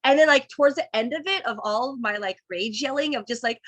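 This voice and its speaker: A woman's voice: fairly high pitch, quick pace, few pauses, a bit bright. A woman in her thirties, a podcast guest chatting casually and candidly, full of fillers and restarts, acting out her own past thoughts. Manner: rambling, many fillers and restarts. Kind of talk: casual conversation.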